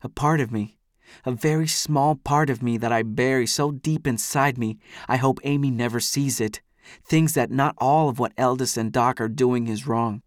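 A man's voice: mid-range voice, no echo. Man reading a novel, dry close sound. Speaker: audiobook narrator. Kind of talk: first-person novel narration.

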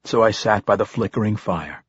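A man narrating a first-person novel in a measured, reflective way. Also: fairly low pitch, slightly rough, no echo. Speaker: audiobook narrator.

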